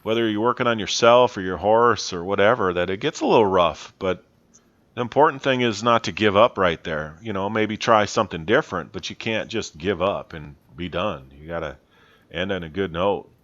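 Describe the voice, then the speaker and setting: A man, a horse trainer, calmly talking over his riding footage, explaining in a plainspoken, self-critical way. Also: deep voice, moderate pace, lo-fi sound.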